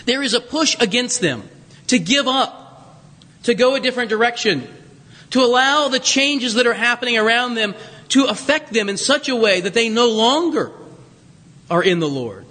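A male pastor delivers a sermon in a high, swooping voice. His tone is bright and lively, mixing humor and asides with teaching. The sound carries a long reverb from a church sanctuary. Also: normal speed. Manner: animated storytelling with humor and asides.

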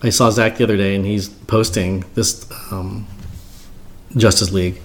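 A middle-aged man, a guest cinematographer, telling stories in a casual chat, animated and searching for words at times. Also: fairly low pitch, moderate pace. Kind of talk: casual conversation.

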